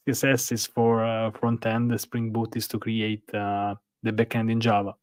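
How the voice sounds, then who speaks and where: With a lowish voice, flat delivery, and an unhurried pace on a dry recording, an Italian-accented man chats casually on a hotel-room live stream. He rambles through the chat's questions, leaning heavily on "uh."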